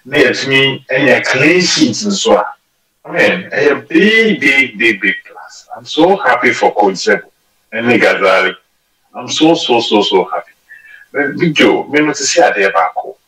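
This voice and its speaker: A Ghanaian man talks through the game as a studio football pundit and slips between Twi and English as he goes. His voice is bright and forceful. It is recorded in an echoey radio studio, a little way off the mic. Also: mid-range voice, normal speed, far from the mic. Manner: animated, mixes Twi and English mid-sentence. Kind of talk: studio sports discussion.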